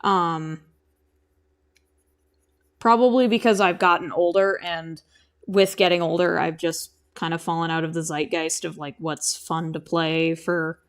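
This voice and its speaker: A woman's voice: fairly low pitch, steady tone, unhurried. A young woman streaming from home, chatting casually and rambling as she answers her chat while she draws. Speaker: streamer and animator.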